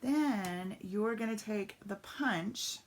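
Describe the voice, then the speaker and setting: A woman's voice: mid-range voice, takes it slowly. A woman giving a chatty step-by-step craft demonstration on a live stream, greeting viewers as she works. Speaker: papercraft demonstrator.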